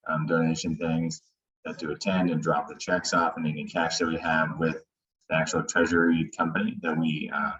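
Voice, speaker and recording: A man's voice: a bass voice, a bit bright. A man on a video call answering questions hesitantly, with many ums, as a candidate for an officer post. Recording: dull lo-fi call audio.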